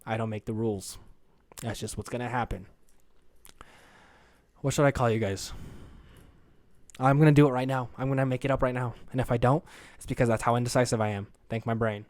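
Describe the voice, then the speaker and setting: A man's voice: mid-range voice, fairly even intonation, a little fast, pauses often, darkish tone, dry recording. A young man hosting his own podcast alone, rambling in a crude, jokey, self-deprecating way. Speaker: podcast host.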